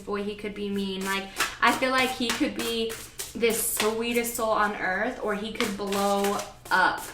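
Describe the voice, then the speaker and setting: A young woman talks through a spiritual reading to camera in a rambling, hesitant way, full of fillers and restarts. Her pitch sits in the middle range. The room is echoey, with a faint hum of ambient noise. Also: fairly bright tone. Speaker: medium giving a general reading.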